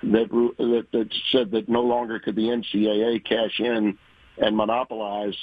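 Husky veteran sportscaster telling stories. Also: male voice, on the low side, normal speed, no room sound, narrow, tinny audio. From Louisiana. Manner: folksy, animated storyteller, acts out quoted voices. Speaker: sports broadcaster guest. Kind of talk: conversational interview storytelling.

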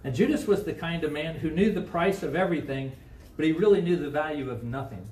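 Conversational Midwestern pastor preaching in an echoey church. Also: male voice, on the high side, fast talker, darkish tone. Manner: conversational, asks the congregation questions. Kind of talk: sermon. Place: church sanctuary. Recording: echoey room, mic from a distance.

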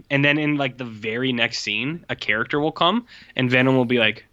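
Man, casual film review, animated, swears, mimics movie lines, lo-fi muffled audio. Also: medium pitch, brisk. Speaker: podcast co-host reviewing movies. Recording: muffled lo-fi sound.

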